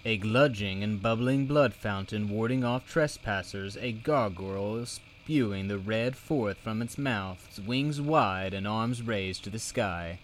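A man reading a children's fantasy book aloud, narrating in a measured, expressive storytelling manner. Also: fairly low pitch, slight background noise. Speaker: reader.

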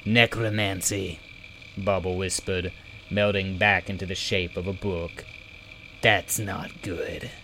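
A man voicing a timid shape-shifting mimic creature in a storybook, speaking softly and nervously. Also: low-pitched, little pitch movement, takes it slowly, slight background noise, exaggerated voice. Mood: worried. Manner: soft, hushed and nervous.

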